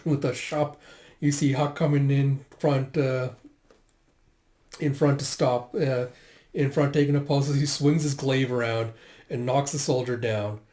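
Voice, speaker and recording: A man's voice: medium pitch, steady tone, a little slow, warm tone, reverberant. A man casually reading through a manga aloud, narrating the scenes with lots of fillers and hiccuping now and then. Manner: reads all dialogue aloud in raised voices, filler-heavy. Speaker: manga readthrough host.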